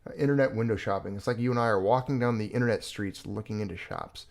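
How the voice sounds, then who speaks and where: A man's voice: fairly low pitch, fast, vocal fry. A man hosting a casual livestream chat, rambling with fillers and restarts. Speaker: livestream host.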